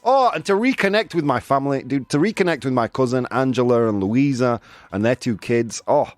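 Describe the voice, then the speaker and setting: Lively jokey male radio host. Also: mid-range voice, fairly quick, no echo, faint music behind. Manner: jokey, self-mocking, laughs often. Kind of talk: casual radio chat.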